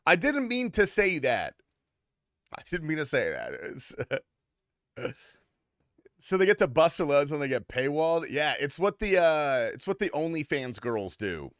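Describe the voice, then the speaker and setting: Male streamer, casual and foul-mouthed, with animated pitch and a dry, deadened sound. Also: moderate pace, no echo. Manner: crude, swears freely, rambling and offhand. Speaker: game streamer. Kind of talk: casual livestream chat.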